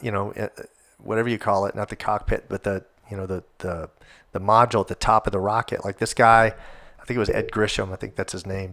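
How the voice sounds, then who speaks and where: A man hosting a casual solo podcast, rambling and swearing as he gets worked up. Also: on the low side. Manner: rambling, profane, animated. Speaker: podcast host.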